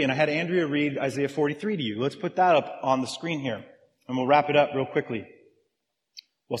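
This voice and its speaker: A man's voice: on the high side, in a large hall. A man preaching a sermon in a conversational way, often checking in with his listeners. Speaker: pastor.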